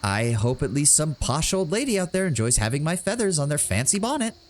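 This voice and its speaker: A man's voice: on the high side, sing-song, a little fast, voice pushed up. A man putting on a giggly young winged woman. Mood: joking. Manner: self-mocking, giggly and teasing.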